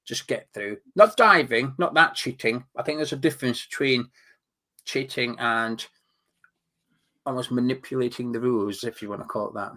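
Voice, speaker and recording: A man co-hosting a casual football chat, jokey and brisk, plugging the channel between bits. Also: mid-range voice, pushed and bright. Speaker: co-host.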